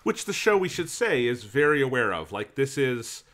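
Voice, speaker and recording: A man co-hosting a podcast in casual chat, talking in a measured, analytical way. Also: mid-range voice, sing-song, a bit bright. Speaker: podcast co-host.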